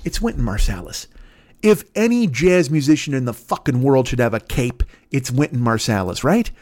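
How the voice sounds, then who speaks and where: A man hosting a podcast, riffing through a rambling comedy bit with excitable, profane, absurd tangents. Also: mid-range voice, normal speed. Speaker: podcast host.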